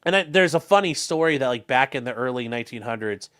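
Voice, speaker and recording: A man's voice: mid-range voice, animated, fast, a bit bright. A man from Ohio with a Northern Ohio accent, hosting a casual livestream, reading chat messages and joking loosely with some swearing. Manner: loose and jokey, swearing freely, rambling asides. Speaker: livestream host.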